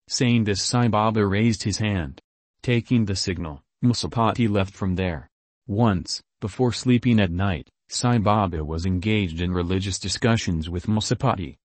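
Low-voiced male storyteller. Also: dry recording. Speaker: narrator. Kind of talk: scripted story narration.

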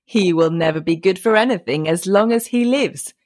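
A woman's voice: fairly low pitch, moderate pace, darkish tone, close to an everyday voice. A woman reading a storybook voices a scornful elder brother. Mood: mocking. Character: smug, sensible elder brother.

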